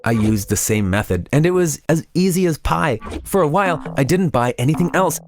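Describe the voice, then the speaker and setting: A man's voice: fairly high pitch, animated, brisk, crowd noise. A man reading a scripted first-person confession story in plain storytelling. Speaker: narrator.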